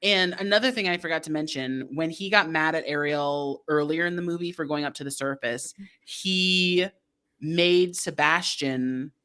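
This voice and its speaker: A woman's voice: deep voice, normal speed, fairly bright tone, clear, resonant tone. A woman co-hosting a podcast, recapping a movie in a chatty, sarcastic way with lots of "like.". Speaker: podcast co-host.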